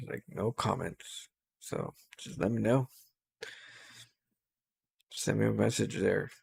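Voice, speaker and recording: A man's voice: on the low side, fairly even intonation, slow pace, gravelly, a little mellow, breathy edge, dry recording, clean studio sound. A tired, yawning man who streams and casts games, talking to his viewers in loose, rambling, unscripted commentary. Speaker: game streamer and caster. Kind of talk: casual game commentary.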